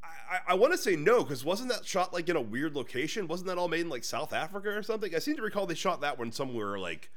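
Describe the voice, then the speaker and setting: A man's voice: on the high side, big pitch swings, fast talker, few pauses, fairly bright tone. A man co-hosting a podcast, chatting casually about films, rambling with restarts and the odd swear word. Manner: rambling, many restarts and fillers, swears freely. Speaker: podcast co-host. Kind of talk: casual film review chat.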